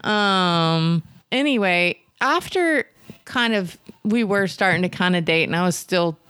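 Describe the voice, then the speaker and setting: A woman telling a personal story in a casual, animated way, acting out the voices of the people she quotes. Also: lowish voice, a little slow, clean tone, dry recording, studio quality. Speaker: guest.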